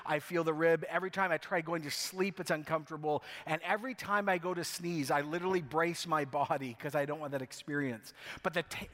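A man preaching from the pulpit, his voice sitting a little high for a man. He is a pastor with a wry, self-mocking way of telling stories. A long reverb trails each phrase through the church. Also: a bit bright. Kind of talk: sermon.

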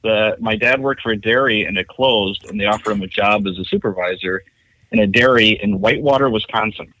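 A man's voice: lowish voice, brisk, sharp tone, no echo, poor audio. A man in his fifties, from Chicago, telling rambling, wry stories about his family and childhood in a casual chat. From Chicago, USA. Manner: rambling anecdotal storyteller, wry. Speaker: podcast guest.

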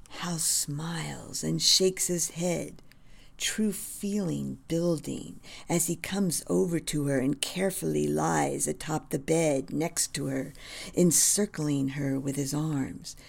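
A woman reading a screenplay aloud, narrating scenes in a reverent, measured manner. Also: deep voice, steady tone, vocal fry, a little mellow.

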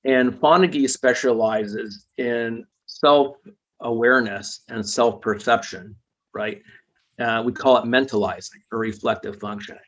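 A man with a husky, breathy, slightly bright voice of medium pitch patiently explains psychology concepts as an interview guest, keeping a steady tone and measured pace. He often checks in with little tag questions. The recording is dull and lo-fi.

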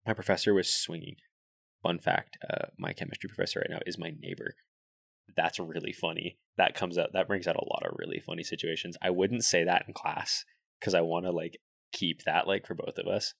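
A man's voice: sits low, level tone, a little fast, gravelly, fairly bright tone, no echo, clean studio sound. A young man, a podcast co-host, telling long rambling stories in casual chat, full of "like". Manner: rambling storyteller, heavy use of filler "like".

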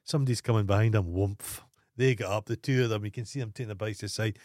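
A man's voice: lowish voice, steady tone, quick pace, darkish tone, no echo, clean studio sound. A man with a Scottish accent, co-hosting a podcast, chatting and reacting with jokes and swearing. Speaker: podcast co-host. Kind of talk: casual chat.

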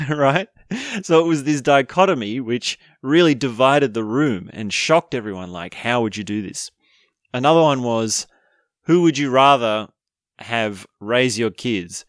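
A man talking casually on his own, chatty and quick to laugh, often ending lines with a questioning "right?". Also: mid-range voice, no room sound, studio quality. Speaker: speaker explaining a topic. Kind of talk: casual monologue.

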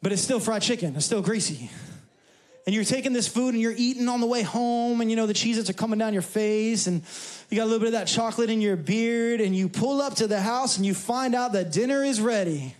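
A man's voice: high voice, a little fast, darkish tone. A male pastor from New York preaching a sermon in a conversational, humorous way, with asides to the congregation. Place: church service.

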